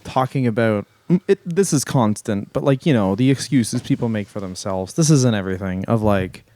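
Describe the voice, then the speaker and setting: A man co-hosting a casual comedy podcast, speaking bluntly with swearing and dropping his voice low when he quotes people. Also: animated, moderate pace, mellow, no room sound. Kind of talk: casual chat.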